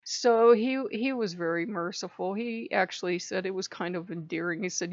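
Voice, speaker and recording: A woman's voice: medium pitch, moderate pace, hardly any pauses, no echo. A woman who is sick, talking in a frank and rambling way in a casual vlog monologue. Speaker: channel host. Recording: dry, slightly dull recording.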